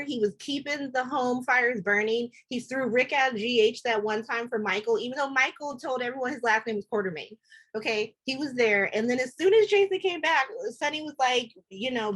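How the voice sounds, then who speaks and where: A woman guest-hosting a podcast in casual chat, animated and swearing casually. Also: fairly high pitch, normal speed. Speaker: guest host.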